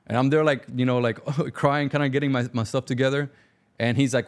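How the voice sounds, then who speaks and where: A young man from Cuba telling his life story as a talk-show guest, animated and acting out dialogue. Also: mid-range voice. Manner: fast, animated, acts out dialogue. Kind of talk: casual storytelling.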